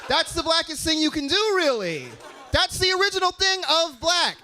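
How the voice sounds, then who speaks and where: A young man from Utah performing a stand-up comedy set, animated, leaping into loud high character voices and dropping to low asides. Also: normal speed.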